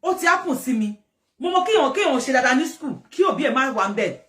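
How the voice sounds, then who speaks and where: A Nigerian woman with a very high voice gives casual, rambling commentary, often repeating herself and breaking into laughter. She sounds far from the mic, in an echoey room. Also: animated, racing, fairly bright tone. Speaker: commentator host. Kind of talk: casual commentary mixing English and Yoruba.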